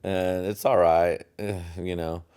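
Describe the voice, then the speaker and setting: A man's voice: low voice, steady tone, takes it slowly, mellow, clear, resonant tone. A young American man hosting a solo podcast, rambling from topic to topic with heavy profanity and chuckles at his own jokes. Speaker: podcast host.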